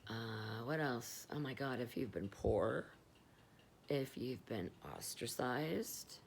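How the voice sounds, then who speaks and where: A woman's voice: rumbling low, takes it slowly, vocal fry, slight background noise. A middle-aged woman talking candidly and rambling in a confessional vlog, swearing freely while stoned. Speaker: vlogger.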